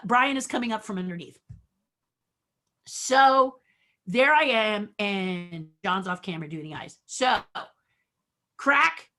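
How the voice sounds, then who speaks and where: Brief: woman guest, crisp bright tone, animated anecdotes with acted-out bits. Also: on the high side. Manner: animated, acts out quotes, laughs often. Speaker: guest puppeteer and designer. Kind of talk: casual storytelling interview.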